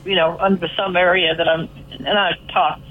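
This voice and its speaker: A woman's voice: lowish voice, flat delivery, moderate pace. Chatty woman caller on a tinny phone line. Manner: chatty, rambling, with many fillers. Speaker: caller to a radio show. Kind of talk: casual phone chat.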